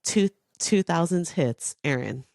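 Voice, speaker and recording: Hoarse, raspy woman in her thirties; low, lively delivery; casual podcast co-host; dry mic. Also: no room sound. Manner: animated, chatty, quick to laugh. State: hoarse from coughing. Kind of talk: casual chat.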